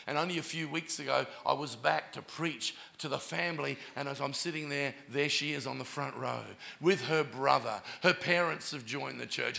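A middle-aged man, a pastor, preaching a sermon and telling stories with lively acted-out dialogue. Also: on the high side, vocal fry. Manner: animated preacher, acting out quoted dialogue. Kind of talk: sermon with storytelling.

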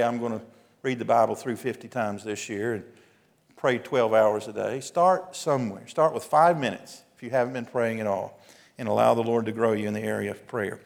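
A man, a pastor preaching an earnest, exhorting sermon with emphatic pauses. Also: medium pitch. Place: church sanctuary. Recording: long hall reverb.

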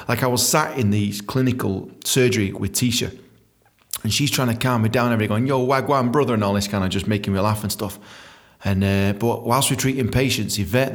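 An English man reads his own memoir and breaks into crude, joking asides that are full of swearing. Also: lowish voice. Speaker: author reading his book.

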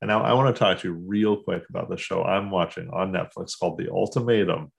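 Podcast co-host, male, very low voice, rambling casual storyteller. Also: fast talker, creaky. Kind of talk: casual chat.

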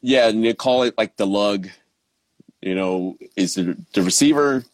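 Low-voiced laid-back man, dry sound. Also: measured pace, dry recording. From Baltimore, Maryland. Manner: laid-back, relaxed, many ums and restarts. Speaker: professional drummer, guest. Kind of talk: casual interview chat.

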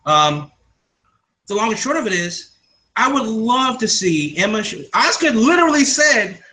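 A man co-hosting a casual wrestling podcast, quick and opinionated with jokey asides. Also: sits high, big pitch swings, sharp tone, a little hiss or hum, rough recording. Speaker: podcast co-host.

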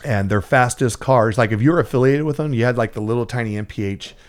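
A man's voice: medium pitch, fast. A middle-aged man from Central California telling a story in casual chat, rambling and profane, with lots of fillers and restarts.

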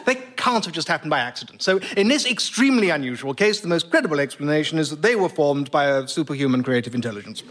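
Old professor, very sure of himself, lively high voice. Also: male voice, quick pace, hardly any pauses. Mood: matter-of-fact. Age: older. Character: elderly male atheist professor, smug. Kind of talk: radio sketch interview.

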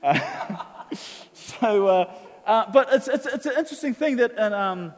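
Chatty New pastor in a hall. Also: male voice, high-pitched, animated, unhurried. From New Zealand. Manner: chatty storytelling, acts out dialogue, laughs often. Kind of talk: sermon.

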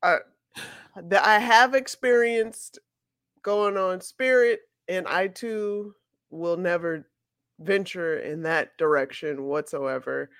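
Slow, laid-back female podcast co-host. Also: fairly low pitch, no room sound, studio quality. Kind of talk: casual podcast chat.

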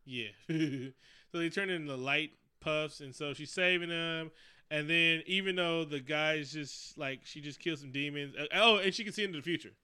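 A man recaps a film in loose, profane, jokey chat. His voice sits a bit high and comes through smooth and clear, with a bright, forward edge. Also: moderate pace. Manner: animated, profane, jokey storytelling. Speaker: podcast co-host recapping a movie. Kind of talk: casual chat.

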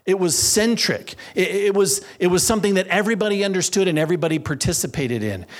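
Male preacher, middle-aged, slightly high-pitched; emphatic sermon delivery, drawing out key phrases. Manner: emphatic, slows down to stress scripture phrases.

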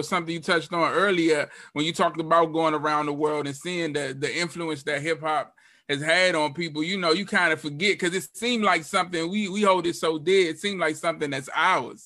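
A man hosting a casual podcast interview, easygoing and full of quick agreement. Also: fairly high pitch, sharp tone, no room sound, clean studio sound. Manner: easygoing, frequent "right, right" backchannels. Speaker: podcast host.

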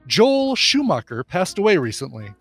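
A man co-hosting a casual podcast game show, explaining rules in a quick, joking way. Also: high-pitched, huge pitch swings, a bit bright, faint music behind. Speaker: co-host.

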